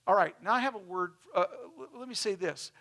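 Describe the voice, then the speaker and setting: A man's voice: sits high, lively intonation, brisk, bright, forceful tone. A man preaching casually to a church, telling stories about slides and acting out the people he quotes. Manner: chatty, storytelling, acts out quoted people. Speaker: pastor.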